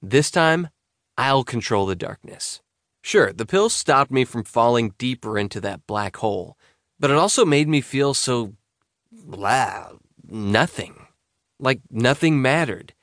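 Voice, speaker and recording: A man narrating a young adult novel in the first person, in a conversational, expressive way. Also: medium pitch, measured pace, no room sound, clean studio sound. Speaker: audiobook narrator.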